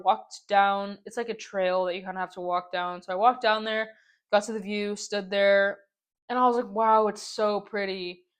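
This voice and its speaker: A young woman with a smooth, mid-range voice hosts her own podcast. In an exasperated, ranting story-time ramble, she vents casually, leaning heavily on "like" and repeating herself in frustration.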